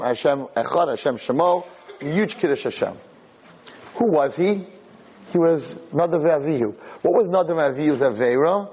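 A husky-voiced man preaching with lively, swooping pitch, telling a scripture story with dramatic flair. His voice sits a little high for a man and jumps way up when he acts out the shouting crowds. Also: rough recording. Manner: animated, dramatic retelling with acted-out quotes and sudden high exclamations. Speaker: rabbi giving a Torah talk. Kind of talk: spoken sermon storytelling.

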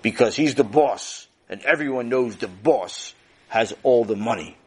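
A man voicing a gruff masked robber in a storybook tale, blunt and slow-witted. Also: mid-range voice, a little mellow, voice pushed down.

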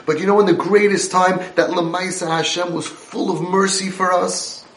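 A man's voice: fairly high pitch, a bit bright, reverberant. Emphatic man giving a Torah lecture. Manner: emphatic, repetitive, conversational. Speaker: Torah teacher and parenting coach.

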